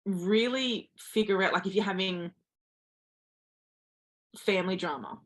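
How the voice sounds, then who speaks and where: A woman's voice: mid-range voice, measured pace. A woman guest giving earnest motivational advice, speaking directly to listeners as a confidence coach.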